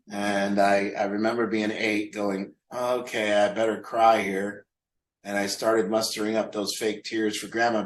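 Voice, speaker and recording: A man's voice: lowish voice, echoey room, poor audio. A man leading a recovery group, talking candidly and mocking himself, asking rhetorical questions. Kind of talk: group talk on a call.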